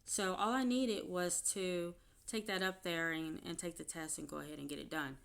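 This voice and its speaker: A woman's voice: fairly low pitch, vocal fry. Woman candidly telling a personal story. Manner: candid, halting, grows animated when retelling. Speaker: vlogger.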